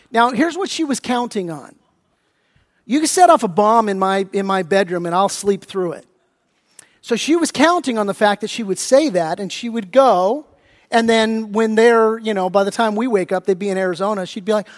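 Brief: middle-aged man, pastor, animated sermon storyteller, high pitch, long church reverb. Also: moderate pace. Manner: animated storytelling, acting out his family's voices. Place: church sanctuary.

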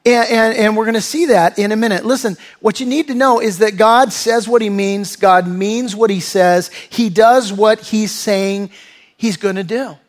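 A man's voice: high-pitched, fairly even intonation, normal speed. A male pastor preaching a sermon in an earnest, conversational way, often restarting and stumbling over his words.

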